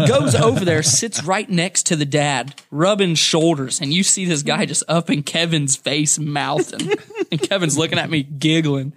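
A man's voice: a little high, normal speed. A young man telling a rowdy story in casual chat, laughing often and swearing freely. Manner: laughing often, profane, animated.

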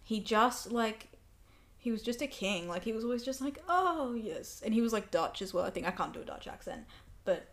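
A woman's voice: on the high side, brisk. Giggly young woman chatting. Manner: bubbly, giggly, lots of "like". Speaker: podcast co-host. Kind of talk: casual chat. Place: lounge room in a house by a main road.

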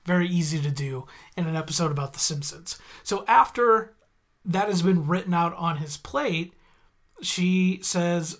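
A man's voice: high voice, a little slow, fairly bright tone. A man hosting a podcast who chats casually through an episode recap, wandering off on tangents and correcting himself as he goes. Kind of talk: casual chat.

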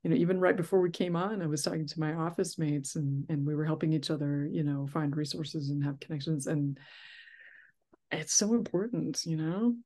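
A woman with a somewhat low voice chats as a guest in a casual interview. She talks loosely, restarts her sentences often and laughs easily as she tells her stories. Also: fairly quick, warm tone. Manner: chatty, lots of restarts and laughter. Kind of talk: casual conversation.

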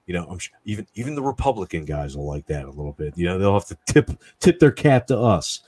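A man in casual chat, swearing often and ranting with lots of fillers, his voice husky and close to the mic. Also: sits low, sing-song, quick pace, a little mellow.

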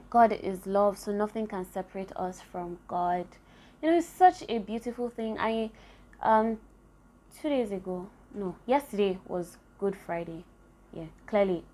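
A woman's voice: medium pitch, a little mellow. A young woman giving an earnest, rambling devotional talk full of fillers like "like" and "you know". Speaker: faith podcaster.

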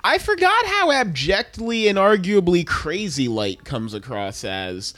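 Young man, casual chat, higher voice with lively pitch swings, laughs a lot between bits. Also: measured pace. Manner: animated, laughs often, slips into voices.

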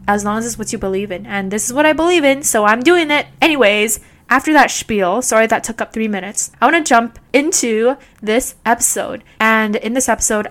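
A young woman talks into her podcast microphone in a loose, candid monologue, with a voice that sits slightly high. She laughs often and scatters fillers through her talk. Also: a bit bright. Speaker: podcast host. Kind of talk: casual solo podcast monologue.

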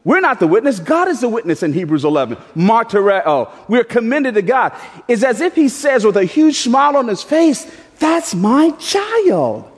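A man preaching a sermon as pastor, with emphatic delivery that leaps into high, animated voicing. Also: a little fast. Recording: echoey hall with long reverb.

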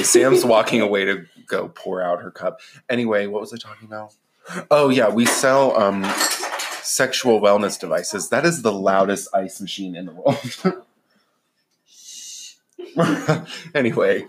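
A man's voice: on the low side, slight background noise. Guy cohosting a podcast, giggly, says like a lot, just chatting. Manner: giggly, chatty, lots of "like" fillers. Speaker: podcast co-host. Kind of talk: casual chat.

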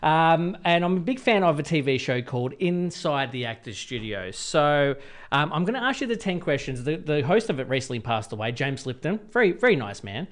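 A man hosting a casual radio interview in a studio, playful and quick with jokes. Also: fairly high pitch, very animated. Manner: playful, joking, quick asides. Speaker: radio host.

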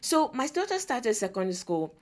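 A woman in her forties with a Nigerian English accent hosts a faith-based parenting podcast. She tells stories in an animated way, acting out the lines of the people in them. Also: on the high side, a little fast. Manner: animated storyteller who acts out quotes and laughs often. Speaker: podcast host.

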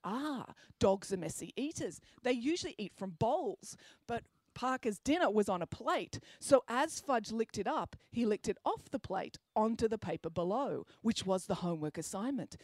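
A woman's voice: on the high side, animated, normal speed, few pauses, darkish tone, no room sound. A woman voicing a clever, peculiar schoolgirl detective in a storybook reading, confident and matter-of-fact.

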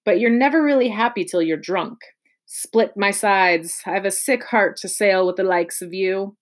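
Woman putting on a gruff scheming pirate man. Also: medium pitch, moderate pace, close to an everyday voice. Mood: scornful. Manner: coaxing, rough sailor's talk.

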